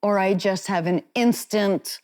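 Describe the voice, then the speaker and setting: A woman's voice: medium pitch, measured pace, a little mellow. A woman speaking as an interview guest, telling personal stories in a frank, chatty, self-deprecating way. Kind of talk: candid conversational storytelling.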